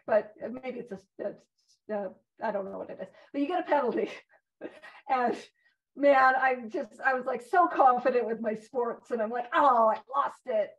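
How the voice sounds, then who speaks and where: A woman leading a recovery Big Book study in a casual, joking, self-deprecating way. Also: high voice. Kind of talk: casual recovery-meeting teaching. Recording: muffled lo-fi recording.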